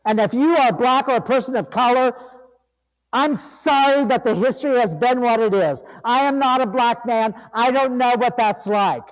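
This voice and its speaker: A man's voice: very high-pitched, normal speed, big-room sound, low-quality recording. A man giving a sermon as a guest reverend, emphatic and conversational in a church sanctuary.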